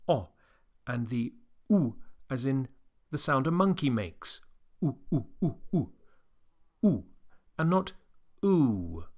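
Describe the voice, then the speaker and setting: Slow, lively man teaching a lesson. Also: mid-range voice. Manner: models words for the learner to repeat. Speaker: language teacher. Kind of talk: slow, clearly spoken beginner lesson.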